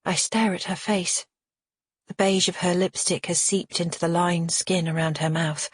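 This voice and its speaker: A woman reading a first-person thriller audiobook in a measured, steady way. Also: on the low side, husky, no echo, studio quality. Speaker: audiobook narrator.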